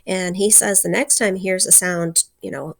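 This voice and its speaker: A woman's voice: fairly low pitch, steady tone, normal speed, gravelly. Chatty woman teacher retelling a story. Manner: chatty, full of fillers, acts out dialogue. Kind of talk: retelling and explaining a novel chapter.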